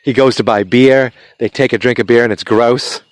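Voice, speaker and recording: A man's voice: mid-range voice, steady tone, moderate pace, no room sound. Rambling man recapping a movie. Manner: rambling, loose retelling with many fillers and restarts. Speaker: podcast host.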